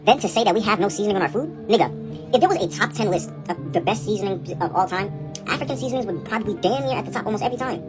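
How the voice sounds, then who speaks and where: A woman's voice: medium pitch, expressive, rapid-fire, music in the background. A woman in a blunt, profane, exasperated rant to the camera. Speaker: reaction video maker.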